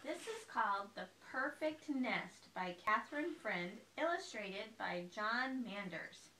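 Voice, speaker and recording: A woman reads a picture book aloud to a child, slow and expressive, her voice bright and fairly high. She is heard from across an echoey room on a device with faint hiss. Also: far from the mic. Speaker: parent reading aloud.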